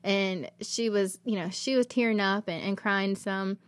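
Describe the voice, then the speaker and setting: A woman's voice: mid-range voice, unhurried, no echo. A woman, hosting a podcast and telling a personal faith testimony in an earnest, emotional, rambling way. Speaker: podcast host.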